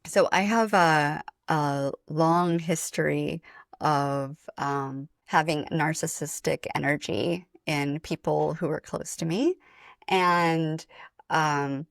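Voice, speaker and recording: A woman speaking slowly, with a low voice. She is a spiritual coach talking as a podcast guest, gentle and measured. Her voice is recorded dry and close, with no room echo. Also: gravelly. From Atlanta, USA. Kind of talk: reflective interview talk.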